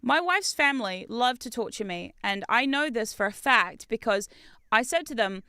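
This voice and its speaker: A woman's voice: a little high, animated, normal speed, pushed and bright, clear, resonant tone, dry recording. A woman streaming a game, telling stories in a chatty, self-mocking way with frequent laughs. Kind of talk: casual chat while gaming.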